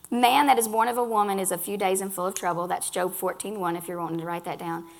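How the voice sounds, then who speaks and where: Earnest woman sharing her testimony, gravelly edge. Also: medium pitch, fairly even intonation, quick pace. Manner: earnest, addresses listeners directly, restarts phrases. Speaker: speaker at a women's gathering. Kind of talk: personal faith testimony.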